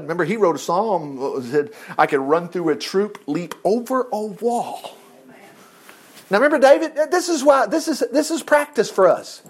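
Guy preaching bible stories, kinda high voice, super lively up and down, chatty asides. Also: moderate pace, slightly rough. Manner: chatty, laughs at own stories, talks back to the text. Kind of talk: folksy bible teaching.

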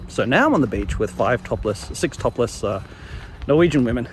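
A young man telling his own embarrassing stories in a casual, animated way, chuckling along as he goes. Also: mid-range voice, brisk, a little hiss or hum. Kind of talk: casual storytelling monologue.

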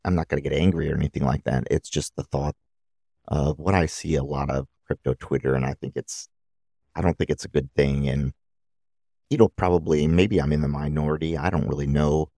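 Very deep gravelly man ranting on a podcast. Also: fairly even intonation, fairly quick, dark tone, no room sound. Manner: opinionated, rambling, restarts often. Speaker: podcast host. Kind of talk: solo podcast monologue.

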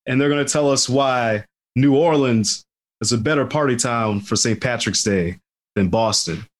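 A man's voice: medium pitch, moderate pace. A man hosting a comedy debate show with an easygoing, laughing manner. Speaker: host.

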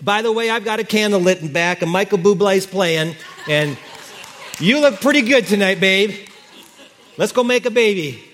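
A man's voice: sits high, lively intonation, normal speed, a bit bright, slight background noise, pitched above the performer's own voice. A man voicing a flustered ancient husband, eager to please his wife and talking in an exasperated, coaxing way.

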